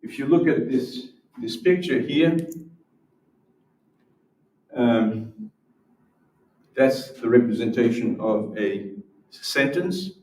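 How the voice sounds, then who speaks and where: Man presenter at a symposium, mid-pitched, explaining step by step, caught from a distance in a roomy hall. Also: animated, takes it slowly, pauses often, mellow, slight background noise. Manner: explanatory, repeats words when restarting. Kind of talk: academic lecture with demonstrations. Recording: roomy echo from far off.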